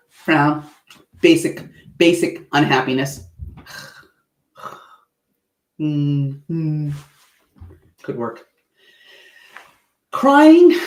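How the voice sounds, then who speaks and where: A man of middle pitch teaches presenters over a livestream, lively and playful. He breaks into little acted-out bits between his points. The sound is roomy, with a clear echo around his voice. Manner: animated, acts out facial expressions with playful asides. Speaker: presentation coach hosting a livestream. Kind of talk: livestream lesson.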